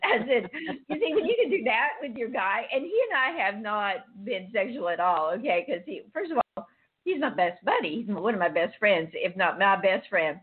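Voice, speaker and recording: A woman hosts a casual talk show, her voice a little husky and breathy. She tells animated stories and acts out the lines of each person in them. The sound is thin and tinny, like a phone line. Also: medium pitch, moderate pace. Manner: animated storyteller, acts out dialogue with laughter. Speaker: host. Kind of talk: casual chat.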